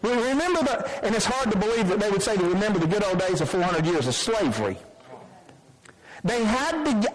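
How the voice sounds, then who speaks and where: A man with a notably high-pitched voice delivers a sermon from the pulpit. He preaches emphatically, weaving scripture reading into his points and often restarting his sentences. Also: rough recording. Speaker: pastor.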